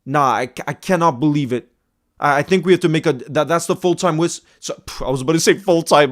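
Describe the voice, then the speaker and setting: Hosting a fan channel, this man rants through a live football match in exasperation, veering from shouting to quiet grumbling. He talks a little fast, says the same things over and over, and trips into stammering restarts.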